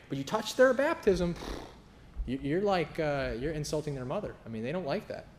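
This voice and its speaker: A man preaches in a loose, sarcastic style, acting out other people's voices as he goes. His voice sits a little higher than usual for a man. A faint hum of the room runs underneath. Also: big pitch swings, fast, roomy sound. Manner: casual, sarcastic and flippant in delivery; acts out quoted voices in storytelling. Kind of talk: sermon. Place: church.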